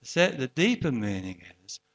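A man's voice: medium pitch, very animated, moderate pace, a bit bright. A man preaching a sermon in an earnest, conversational way, often restarting and asking rhetorical questions.

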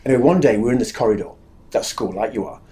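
A man's voice: medium pitch, fast talker, warm tone. A man giving a candid, confessional spoken testimony about his own life, speaking earnestly and acting out remembered dialogue.

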